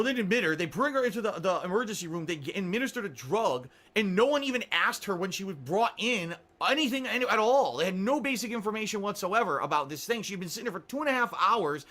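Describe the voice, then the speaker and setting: A man with a high, bright voice recounts a story on his radio show. His pitch swings widely as he vents in sarcastic disbelief. He swears freely and quizzes his listeners with rhetorical questions. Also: very animated, fairly quick. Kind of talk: casual storytelling. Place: small studio.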